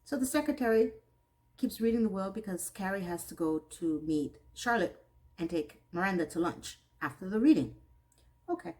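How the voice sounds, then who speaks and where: A woman's voice: medium pitch, sing-song, normal speed, darkish tone, low-quality recording. A woman giving a casual recap of a TV episode, breaking off into exasperated, sarcastic asides. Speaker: TV recap reviewer.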